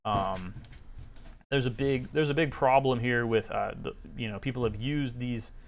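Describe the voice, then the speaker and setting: Man, casual commentary, reading and remarking, sarcastic, many fillers, mid pitch. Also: unhurried. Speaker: commentator reviewing a research paper.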